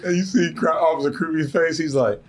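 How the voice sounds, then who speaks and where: A man co-hosting a podcast, reacting to a movie in a crude, laughing, animated way. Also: fairly high pitch, fast. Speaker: podcast co-host. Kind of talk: casual movie review chat.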